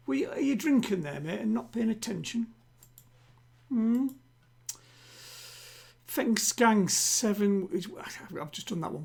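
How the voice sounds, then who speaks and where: A man hosting a live-streamed home quiz, chatting with players and reading each question twice, slowly. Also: high voice, gravelly, breathy edge. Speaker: quiz host. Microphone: home streaming setup.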